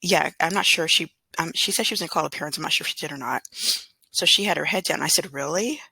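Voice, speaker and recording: A woman from Southern California, a substitute teacher, telling a story to camera in a chatty, rambling way with fillers and throat clearing. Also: deep voice, fast talker, bright, forceful tone, dry recording. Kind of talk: casual storytelling vlog.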